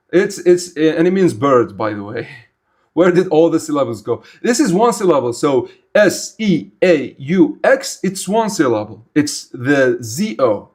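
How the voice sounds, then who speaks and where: A young man from Algeria, an Arabic speaker, chatting casually with viewers on a livestream in a blunt, rambling way. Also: on the high side. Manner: animated, rambling, blunt and informal. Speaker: streamer.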